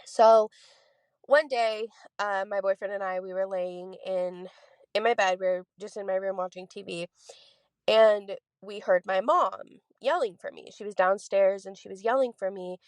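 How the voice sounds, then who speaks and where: A woman's voice: medium pitch, steady tone, moderate pace, dry recording. A woman in her twenties telling a ghost story from her own life in a casual recorded voice message, rambling with lots of fillers. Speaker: listener sharing a ghost story.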